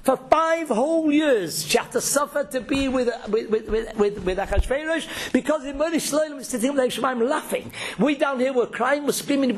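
A man's voice: extremely high pitch, lively intonation, moderate pace, few pauses. A man speaks to a gathering as a religious teacher. He tells his lesson with emphasis, often stumbling over repeated words before pushing on. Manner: emphatic and storytelling, with frequent repeated words and restarts. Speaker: religious teacher giving a talk. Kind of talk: informal religious talk to a gathering.

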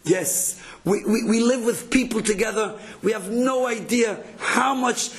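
Male speaker with a high voice. Lively storyteller at an inspirational Torah talk who acts out his quotes. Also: measured pace. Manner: animated, acts out quoted voices, repeats words.

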